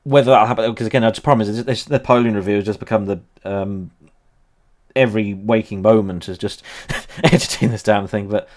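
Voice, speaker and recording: A man's voice: lowish voice, fairly even intonation, a little fast, darkish tone. A man in his thirties hosting a casual livestream about history, rambling with lots of ums and laughing often. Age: 30s. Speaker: history channel host.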